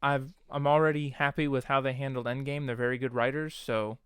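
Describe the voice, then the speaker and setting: A man's voice: medium pitch, little pitch movement, brisk, clean tone, no echo, studio quality. A man co-hosting a podcast in casual chat, laughing often and acting out movie lines. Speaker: podcast co-host.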